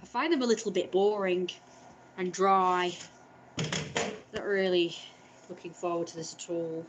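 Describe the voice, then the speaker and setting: A woman's voice: lowish voice, fairly even intonation, unhurried, background noise. A young woman streaming casually, chatting in a rambling way while she cooks and opens parcels, often stopping to correct herself. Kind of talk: casual chat.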